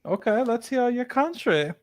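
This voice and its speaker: A man's voice: extremely high pitch, animated, moderate pace. A man hosting a casual podcast chat, rambling along with lots of fillers and restarts. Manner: chatty, rambling with many fillers. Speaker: podcast host.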